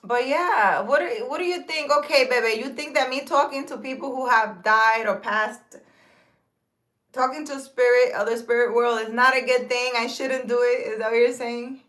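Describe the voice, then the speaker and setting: Woman spiritual healer, fairly high voice, rambling casual chat to viewers, lots of fillers and restarts. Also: moderate pace, fairly bright tone. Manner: reads viewer comments aloud and answers them.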